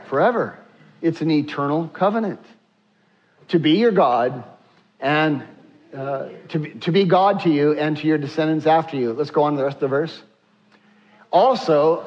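Emphatic preacher man, lo-fi sound. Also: fairly high pitch. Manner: emphatic, builds with repeated rhetorical questions. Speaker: pastor. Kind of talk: sermon.

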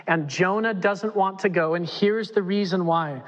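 A pastor with a high-pitched voice preaches to a congregation in a church hall, the recording dull and carrying long reverb. He speaks at a measured pace with hardly any pauses, emphatic and dramatic, acting out the quotes he cites.

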